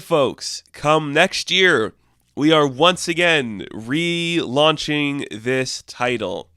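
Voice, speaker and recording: A man talks through a comic book issue in a loose, rambling way, leaning on "like" and "I guess" as he goes. His voice sits at an ordinary middle pitch. The sound is dry and close, with no room echo. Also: sharp tone, clean tone. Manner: rambling, heavy use of "like" and "I guess". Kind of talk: casual spoken review.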